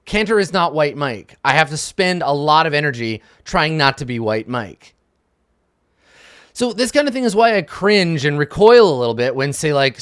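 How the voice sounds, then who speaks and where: A middle-aged man talks frankly into a dry, close mic. His voice sits a little high for a man and swings widely in pitch as he stresses his points. He swears casually and keeps checking in with a quick "right?". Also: a bit bright, clean tone, no room sound. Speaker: game master and show host. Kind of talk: advice monologue.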